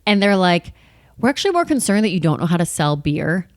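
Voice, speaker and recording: A woman in her thirties chatting on a podcast, telling work stories in a lively way and acting out the people in them. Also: lowish voice, fairly quick, no echo, clean studio sound. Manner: animated storytelling, acts out bar customers and managers. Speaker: comedian guest. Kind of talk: casual podcast chat.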